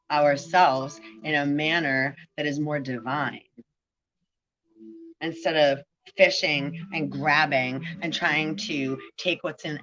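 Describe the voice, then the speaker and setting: A woman's voice: sits low, a bit bright, lo-fi sound, slight background noise. A woman vlogging a rambling spiritual monologue, profane and full of free-associating word play.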